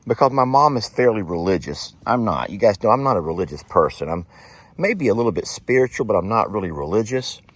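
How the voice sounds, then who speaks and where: Rambling man, lively low voice. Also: no echo. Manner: rambling, reflective, addresses viewers directly. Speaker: farm sanctuary video creator. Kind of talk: casual vlog monologue to viewers. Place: outdoors on a farm.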